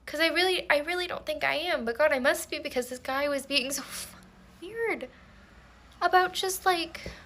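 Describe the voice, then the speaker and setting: A woman's voice: high voice, normal speed, sharp tone. A young woman telling a comedic storytime in a mock-earnest, rambling way full of restarts. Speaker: TikTok storyteller.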